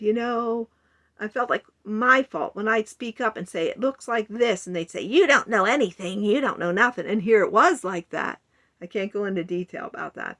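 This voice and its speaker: Gravelly older woman, heartfelt vlog. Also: medium pitch, bright, forceful tone. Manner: earnest, rambling, heartfelt. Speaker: vlogger. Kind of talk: personal confessional monologue.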